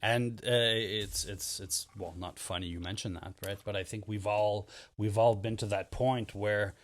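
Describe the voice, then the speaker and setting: A man's voice: fairly low pitch, measured pace. A Canadian man co-hosting a casual podcast, stumbling over and repeating words as he explains his thoughts. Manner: animated when acting out examples, stumbles and repeats words. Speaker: podcast co-host. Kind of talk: casual chat.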